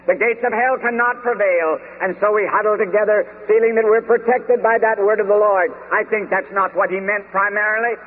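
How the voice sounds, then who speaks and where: High-voiced preacher in an echoing hall. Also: male voice, fairly even intonation. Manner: deliberate, emphatic preaching with slowed stresses. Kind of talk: sermon. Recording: tinny phone-like archive recording in a long-reverb hall.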